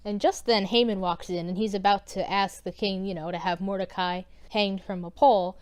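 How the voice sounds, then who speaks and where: A woman's voice: mid-range voice, fairly even intonation, moderate pace, few pauses, darkish tone, smooth. A young woman in her twenties casually retelling a scripture story to her channel, irreverent and wry. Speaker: YouTuber.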